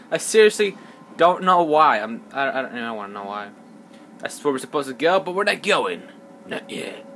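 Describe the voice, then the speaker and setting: A man talking his way through a video game in a loose, rambling let's play. He mocks himself and mutters repeated words under his breath. His voice sits at an ordinary middle pitch over a faint hiss of background noise. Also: a bit bright. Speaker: gamer.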